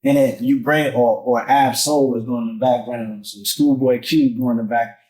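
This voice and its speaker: A man appearing as a musician guest on a podcast, talking casually in animated street slang and swearing often. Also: medium pitch, unhurried, rough recording. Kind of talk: casual conversation.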